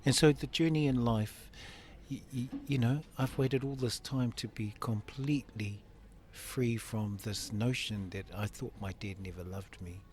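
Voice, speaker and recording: In a medium-pitched, darkish voice, a little slow and with barely a pause, a fiftysomething interview guest of Samoan family recounts a moving personal story. He laughs frequently and imitates the voices of family members.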